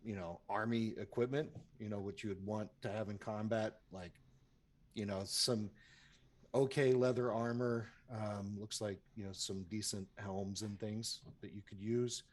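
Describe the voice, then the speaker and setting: A man's voice: lowish voice, steady tone, unhurried. A man narrating as game master of a tabletop game, rambling with many fillers.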